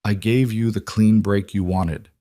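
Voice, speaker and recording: A man's voice: lowish voice, steady tone, measured pace, dry recording, natural voice. A man reading the lines of a proud, defensive young mother in a told story. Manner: quiet, firm.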